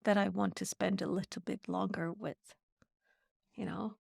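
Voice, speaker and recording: A woman's voice: mid-range voice, fairly even intonation, moderate pace, vocal fry, darkish tone, breathy edge. A woman hosting a podcast, talking in a reflective, meandering way in casual conversation. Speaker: podcast host.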